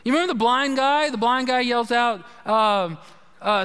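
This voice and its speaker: A man delivers a sermon in a loose, conversational way. His voice sits high and sounds bright and forceful as he retells a story and plays out the voices in it. The sound carries a long reverb from a large hall. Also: normal speed, smooth. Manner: conversational, animated storytelling with acted-out quotes. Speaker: pastor.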